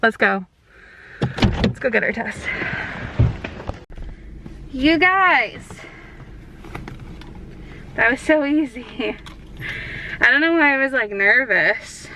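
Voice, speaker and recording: Chatty young woman with a gravelly edge. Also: on the high side, expressive, a little slow, long pauses, sharp tone, a little hiss or hum, poor audio. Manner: chatty, rambling, upbeat with laughs. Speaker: law student vlogger. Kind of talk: casual vlog chat. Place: out and about, car and campus.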